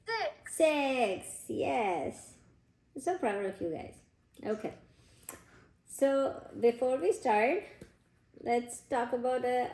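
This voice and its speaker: A woman teaching a children's class, telling a moral story in simple words with gentle restarts. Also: a little high, echoey room.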